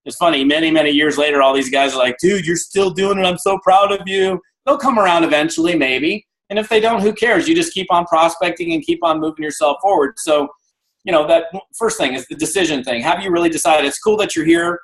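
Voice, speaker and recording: A man in his fifties giving an energetic motivational talk on a video call, acting out the voices in his stories. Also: on the high side, fast talker, rough recording. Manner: energetic storyteller, acts out dialogue. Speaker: guest speaker.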